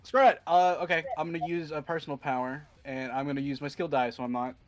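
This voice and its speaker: Male player, raised pitch, fumbling and then eager, faint music underneath. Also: quick pace. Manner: hesitant, full of fillers, excitable. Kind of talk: playing a tabletop game.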